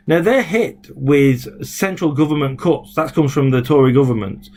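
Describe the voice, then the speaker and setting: A man's voice: mid-range voice, lively intonation, moderate pace, hardly any pauses, darkish tone. A man, a former local councillor, talking indignantly in a rambling video blog full of fillers and restarts. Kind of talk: casual video blog rant.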